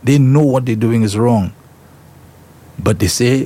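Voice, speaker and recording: Male talk host, husky, mid-pitched, emphatic and repetitive. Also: lively intonation, moderate pace, mellow. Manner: emphatic, repetitive, rhetorical questions. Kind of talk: opinionated current-affairs commentary.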